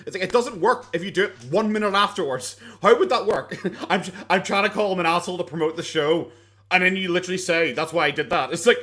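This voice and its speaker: A man's voice: on the high side, fast, a bit bright. An Irish man reacting to a video in casual commentary, rambling, sarcastic and swearing freely, often laughing. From Ireland.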